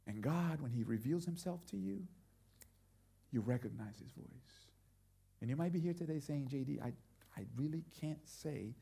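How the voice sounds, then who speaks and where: A middle-aged male pastor preaching a sermon, telling a story and moving from quiet, intimate passages to loud, emphatic ones. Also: medium pitch, creaky, breathy edge.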